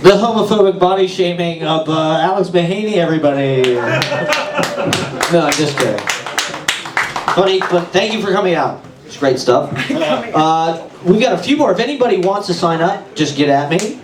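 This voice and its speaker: A man's voice: sits high, moderate pace. A man hosting an open mic, introducing acts with loose jokes. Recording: echoey room, far from mic, noisy.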